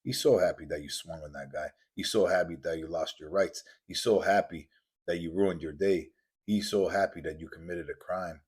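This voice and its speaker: A man's voice: deep voice, moderate pace, darkish tone, slightly rough. A man hosting a podcast, delivering an intense, preachy motivational monologue with lots of repetition. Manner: intense, preachy, repetitive, acts out quoted voices. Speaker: podcast host.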